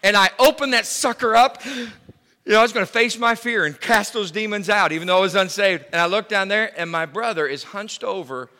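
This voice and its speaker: A middle-aged man preaching a sermon, telling a personal story in an animated way, repeating words and bursting into loud cries. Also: high voice, a little fast. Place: church hall. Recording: reverberant hall.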